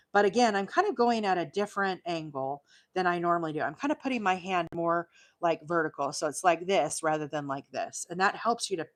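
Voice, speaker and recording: A woman's voice: fairly low pitch, fairly bright tone. A woman from Alabama, hosting a live crochet demonstration, explaining stitches in a chatty way with many fillers, her voice tiring after hours on air. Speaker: crochet livestream host.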